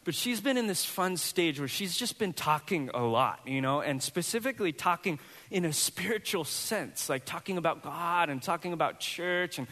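A man in his thirties, a pastor, preaching a sermon and telling a personal story with lively, acted-out dialogue. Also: a little high, normal speed, big-room sound. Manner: animated storyteller, acts out voices in quoted dialogue.

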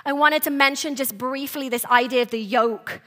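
Bright, high-voiced woman preaching. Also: moderate pace. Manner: earnest, soft-spoken with animated bursts and restarts. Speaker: pastor. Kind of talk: sermon.

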